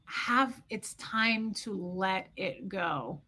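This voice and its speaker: Bright, impassioned woman livestreamer. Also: medium pitch, animated, drawn-out words. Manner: impassioned, swings between yelling and quiet reflection. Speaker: livestream host. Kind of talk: emotional livestream monologue.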